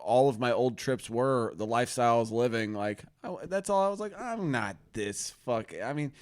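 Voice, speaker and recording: A man hosting a casual chat, telling a wild story full of swearing and loudly acted-out quotes. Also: medium pitch, moderate pace, smooth. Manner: profane, animated storyteller, acts out quotes loudly. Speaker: host.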